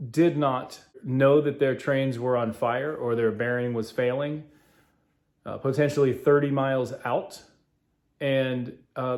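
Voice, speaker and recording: Halting, earnest man, mid-pitched. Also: a little mellow. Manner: halting and earnest, many fillers. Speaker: podcast host. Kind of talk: casual spoken commentary.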